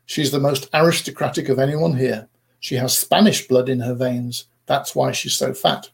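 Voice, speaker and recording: A man's voice: mid-range voice, expressive, normal speed, creaky. A man voicing a fussy, proud mother duck who scolds, bosses and protects her brood in a storybook reading. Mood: bossy.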